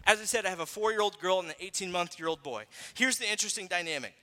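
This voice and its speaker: A man in his thirties, a pastor giving a sermon in a conversational, animated storytelling way, acting out voices. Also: sits high, in a large hall.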